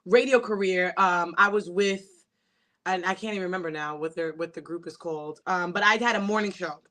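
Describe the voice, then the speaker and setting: Bright, playful woman comedian. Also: fairly low pitch, fairly quick. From New York. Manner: playful, laughs often. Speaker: comedian guest. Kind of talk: casual interview chat.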